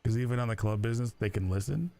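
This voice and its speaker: A man chatting in character during an online roleplay stream, rambling and halting with lots of fillers. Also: mid-range voice, vocal fry, mellow.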